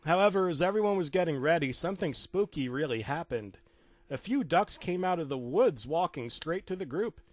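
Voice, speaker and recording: A man narrating a comedic creepypasta with rambling deadpan asides and stumbling restarts. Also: a little high, moderate pace, no echo.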